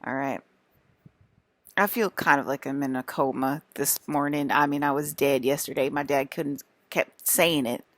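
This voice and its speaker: A woman's voice: very deep voice, normal speed, no echo. A young woman vlogging to camera in a meandering, repetitive way, with many fillers and restarts. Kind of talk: casual rambling monologue.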